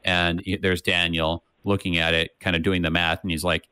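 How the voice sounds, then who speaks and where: Brief: man, lowish voice, casual Bible-study co-host, restarts a lot and tags lines with "right?", dry close sound. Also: little pitch movement, moderate pace, pushed and bright, smooth, dry recording. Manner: thinks aloud with many restarts and "right?" tags.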